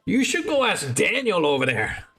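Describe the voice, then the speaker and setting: A man's voice: sits high, wildly swooping pitch, normal speed, a bit bright, faint music behind, pitched above the performer's own voice, exaggerated voice. A man playing a chatty tavern regular.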